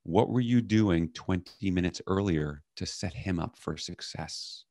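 A middle-aged man, a leadership coach, telling a personal story as a podcast guest and loudly acting out the orders he quotes. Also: low-pitched, unhurried, no echo. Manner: animated, acts out quoted commands loudly.

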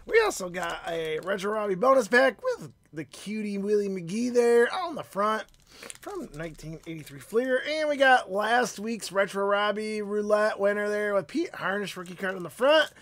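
A man hosting a live card-opening stream, upbeat and chatty as he greets viewers by name, while his voice is phlegmy and starting to go. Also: high voice. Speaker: card-breaking stream host.

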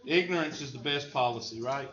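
Guy teaching math in a classroom, bright voice, echoey lo-fi sound. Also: mid-range voice, a little fast. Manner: folksy, joking, drawling. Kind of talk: classroom lecture. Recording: echoey room, dull lo-fi sound, faint noise.

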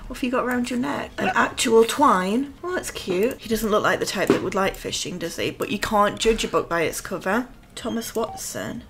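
A woman's voice: medium pitch, lively intonation, moderate pace, hardly any pauses, slight background noise. A woman giving casual, chatty let's-play commentary on a life-sim game and teasing her characters. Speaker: gaming YouTuber. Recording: soft background music.

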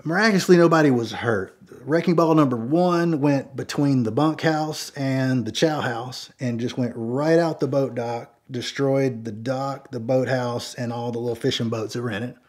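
A man's voice: mid-range voice, moderate pace, hardly any pauses. A man telling a long story in a casual, rambling way, often saying "you know".

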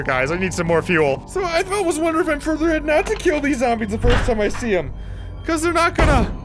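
Jumpy guy yelping through a horror game, gravelly when he drops low, game music playing. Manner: jumpy, shrieks and nervous laughter. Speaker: gaming commentator. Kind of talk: let's play horror game commentary.

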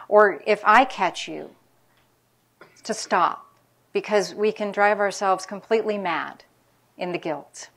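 A woman's voice: medium pitch, fairly bright tone. Candid woman physician giving a lecture. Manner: candid, anecdotal, speaks frankly about caregivers' feelings. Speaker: palliative care physician. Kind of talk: public medical lecture.

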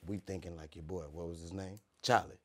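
A young man holds the floor on a podcast with a funny tale from his past. His voice sits on the low side, and he keeps jumping into little impressions of the people in the story. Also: fairly quick. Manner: animated, slips into character voices. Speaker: podcast host. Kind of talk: comedic storytelling.

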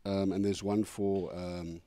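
A man's voice: low voice, level tone, slow, dark tone. A man who owns and races the car, explaining it in a hesitant, matter-of-fact way. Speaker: car owner and racer. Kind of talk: casual explanation.

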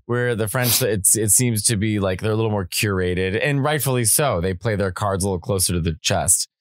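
Man, podcast guest comedian, low voice, animated, comic put-on accents, dry close mic. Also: fairly quick, no echo. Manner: animated, slips into exaggerated put-on accents for bits. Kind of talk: casual podcast chat.

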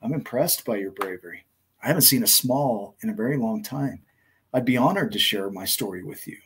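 A man voicing a huge, kind old male giant who speaks slowly and gently. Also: mid-range voice, slightly rough. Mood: gentle, wise.

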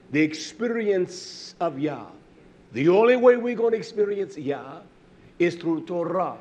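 A man preaching a sermon, slow and emphatic with many fillers, rising to shouts and then dropping low.

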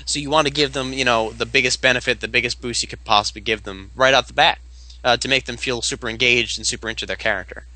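A man's voice: mid-range voice, steady tone, quick pace, sharp tone, dry recording, low-quality recording. A man co-hosting a casual podcast about tabletop games, giving his views as a game master in an emphatic, opinionated way.

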